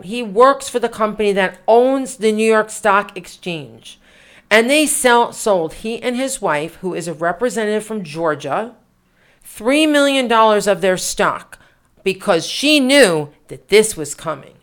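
A woman's voice: mid-range voice, fairly bright tone, clean tone. A woman co-hosting a political podcast, talking in an indignant, emphatic way with rhetorical questions. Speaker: podcast co-host.

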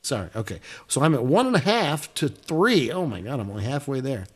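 A man co-hosting a casual podcast, telling a gig story with animated, loud exclamations. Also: medium pitch, a little fast, slightly rough. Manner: animated, rising to loud exclamations when retelling. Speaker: podcast co-host; guitarist.

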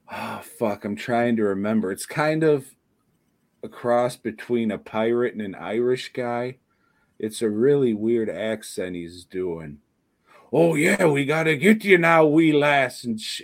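Slow talking guy on a podcast, low voice, cusses a lot and laughs. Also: a little mellow. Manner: profane, laughing, rambling. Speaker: podcast co-host. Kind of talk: casual chat.

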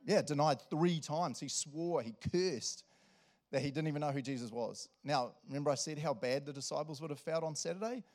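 Lively New pastor. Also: male voice, fairly high pitch, fairly quick. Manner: animated, laughs often, acts out quotes. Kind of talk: sermon.

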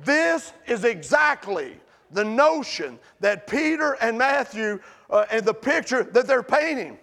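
A middle-aged man preaching a sermon in a church sanctuary, swinging from impassioned near-shouting to hushed pleading. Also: very high voice, very animated, a little slow, creaky. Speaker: pastor.

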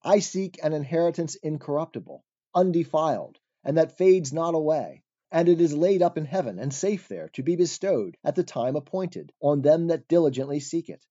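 Brief: a troubled, earnest pilgrim pleading in archaic words, mellow and dull-sounding, voiced by a male narrator. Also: fairly high pitch, lively intonation, normal speed. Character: troubled pilgrim man fleeing his city, earnest.

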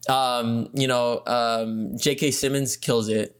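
A man's voice: medium pitch, fairly even intonation, slow pace, smooth. A man co-hosting a podcast, chatting casually about shows and movies, with lots of fillers and slang. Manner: laid-back, lots of fillers, says bro and dude. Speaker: podcast co-host. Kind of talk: casual chat.

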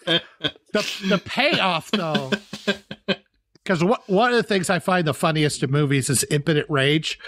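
A man's voice: a little high, unhurried, pauses often, no echo. A man co-hosting a podcast, telling movie scenes in a casual chat and often laughing. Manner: animated storytelling with frequent laughs. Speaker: podcast co-host.

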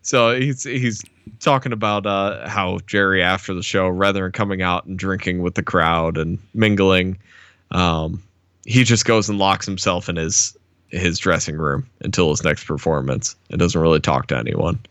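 A man's voice: deep voice, fairly even intonation, normal speed, a bit bright, dry recording. A man co-hosting a podcast, casually talking through a TV episode, with frequent restarts and laughter. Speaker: podcast co-host.

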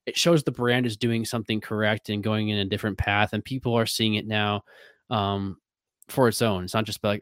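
A man's voice: fairly low pitch, level tone, a little fast, clear, resonant tone, no room sound. Rambling Midwestern man, dry sound. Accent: Midwestern American. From American Midwest. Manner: rambling, many fillers and restarts. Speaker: whiskey brand ambassador. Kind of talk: casual interview talk.

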